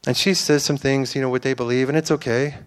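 A man's voice: medium pitch, fairly even intonation, quick pace, clean tone. A man giving an informal, earnest sermon to a church, rambling with fillers and restarts. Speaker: preacher.

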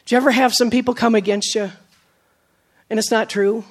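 A woman's voice: fairly even intonation, normal speed. Emphatic woman preaching a sermon. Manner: storytelling, with acted quotes and laughs; swings from emphatic to soft and low.

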